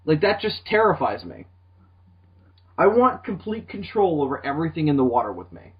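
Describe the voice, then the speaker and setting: A man's voice: fairly high pitch, very animated, moderate pace. A young man co-hosting a comedy podcast, rambling and laughing often as he chats. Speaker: podcast co-host. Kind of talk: casual comedic chat. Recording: lo-fi podcast audio.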